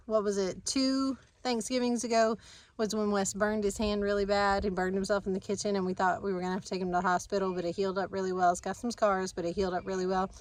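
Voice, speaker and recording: A woman's voice: medium pitch, poor audio. A woman, chatting casually to camera outdoors in her yard, rambling and laughing easily. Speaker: family farm vlogger.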